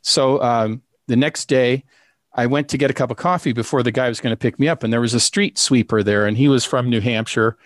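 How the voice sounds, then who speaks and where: Guy telling a story, stops and starts a lot, lots of uhs, average pitch, dry close sound. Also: steady tone, no echo. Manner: rambling, halting, lots of fillers and restarts. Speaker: storyteller recounting a ghost experience. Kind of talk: casual spoken anecdote.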